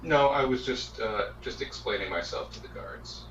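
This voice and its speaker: A man's voice: medium pitch, normal speed. A man playing a tabletop game, talking hesitantly and searching for his words. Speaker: player. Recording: roomy, distant, dull and noisy.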